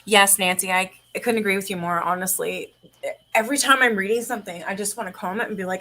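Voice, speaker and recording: A woman's voice: medium pitch, steady tone, fast, bright, forceful tone, rough recording. A young adult woman hosting a casual livestream chat, talkative, laughing often and swearing casually. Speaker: host.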